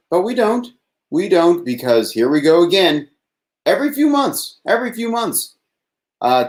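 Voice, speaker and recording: In a reverberant recording, a medium-pitched man from Texas rambles through a casual live-stream monologue on his nightly call-in show. He laughs a lot as he talks and swears along the way.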